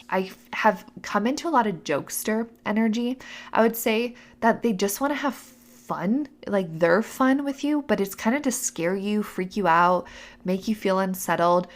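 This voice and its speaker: A woman's voice: medium pitch, creaky. A young adult woman hosting a podcast, telling personal stories in a chatty, casual way. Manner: chatty, acts out voices in quotes. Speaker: podcast host. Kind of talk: casual storytelling.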